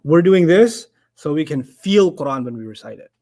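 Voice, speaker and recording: A man teaching a classroom lesson in Quranic Arabic, who prompts call-and-response and recites rapidly. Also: fairly high pitch, expressive, warm tone.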